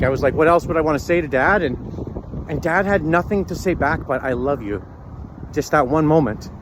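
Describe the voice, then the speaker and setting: A man talking earnestly and haltingly to camera while walking outdoors, often pausing to search for words. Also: fairly high pitch, a bit bright, a little hiss or hum. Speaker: vlogger. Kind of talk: reflective personal talk.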